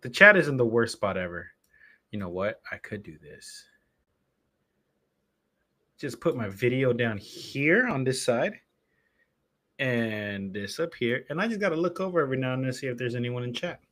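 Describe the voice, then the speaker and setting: A man's voice: mid-range voice, a bit bright. A man hosting a live stream, talking casually and rambling from one thing to the next as he sets up his show. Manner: rambling, chatty, self-interrupting. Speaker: streamer and podcast host.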